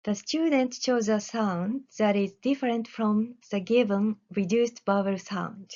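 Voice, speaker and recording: A woman researcher giving a recorded academic presentation, reading deliberately with careful pauses. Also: medium pitch, a little mellow, dull audio.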